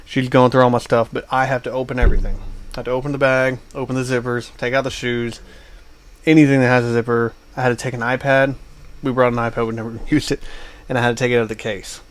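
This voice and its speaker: A man's voice: mid-range voice, little pitch movement, quick pace. A man co-hosting a podcast, telling a long travel anecdote in casual chat, full of fillers like "uh" and "like". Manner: rambling anecdote with many fillers. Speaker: podcast co-host.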